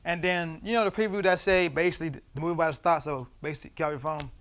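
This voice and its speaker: Young guy, a touch high-pitched, teaching Bible study in a relaxed storytelling way with lots of slang. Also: racing, clean tone. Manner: loose, storytelling, laughing often, slangy. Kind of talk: casual Bible study teaching with personal stories. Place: church.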